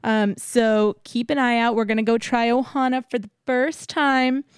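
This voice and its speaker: A woman's voice: a little high, little pitch movement, moderate pace, smooth, dry recording, clean studio sound. A young woman co-hosting a podcast in casual chat, giggly, upbeat and enthusiastic. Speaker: podcast co-host.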